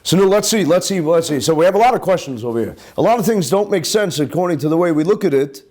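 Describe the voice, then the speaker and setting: Rabbi at the lectern for a live Torah class: a man with a high, very expressive voice who keeps asking the room questions. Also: fast. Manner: animated, peppers talk with rhetorical questions and Hebrew terms. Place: live class with an audience present.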